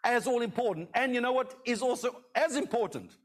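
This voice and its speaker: High-voiced male pastor preaching. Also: brisk. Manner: conversational, repeats "okay?" to the congregation. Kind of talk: sermon.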